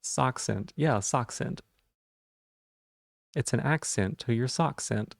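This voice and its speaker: A man's voice: medium pitch, slow pace, vocal fry, dry recording, studio quality. A man streaming live, chatting casually and playfully while he repeats silly puns and rambles.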